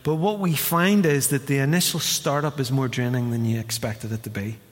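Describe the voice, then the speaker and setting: A man preaching a sermon as pastor, an animated storyteller who acts out voices. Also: mid-range voice, moderate pace. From Northern Ireland. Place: church hall. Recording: long hall reverb.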